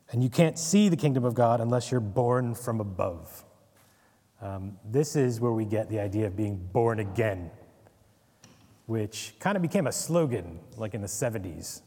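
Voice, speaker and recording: A man's voice: fairly low pitch, lively intonation, a little slow, pauses often, a little mellow, slightly rough, big-room sound. A man giving a casual Bible study lecture, conversational, with wry asides and frequent "right?" checks. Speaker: Bible teacher.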